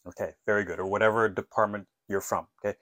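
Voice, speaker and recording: A man teaching an English lesson, modeling phone phrases clearly and patiently asking listeners to repeat after him. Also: on the low side, steady tone, fast, fairly bright tone, no echo.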